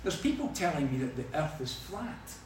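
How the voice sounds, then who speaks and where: A man's voice: on the high side, normal speed, a little hiss or hum. A man preaching a sermon, telling stories with humor. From Scotland. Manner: lively storytelling with humor. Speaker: pastor. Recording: echoey hall from far off.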